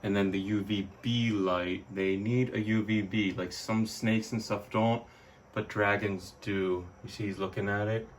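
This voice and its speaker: A man's voice: on the low side, steady tone, measured pace, slight background noise. Chatty man explaining a pet setup. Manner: chatty, explains step by step with restarts. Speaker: pet owner showing his reptile setup. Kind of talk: casual how-to home video.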